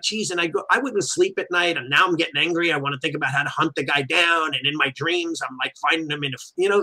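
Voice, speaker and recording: Guy cohosting a chill podcast, bright punchy voice, tells stories and acts out quotes, lots of "you know". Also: fairly high pitch. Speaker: podcast co-host and martial arts school owner. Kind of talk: casual podcast chat.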